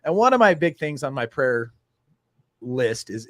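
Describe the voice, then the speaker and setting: A man hosting a casual talk show, telling a story with lively acted-out dialogue. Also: mid-range voice, measured pace, no room sound, clean studio sound. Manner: animated storyteller acting out dialogue. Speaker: host.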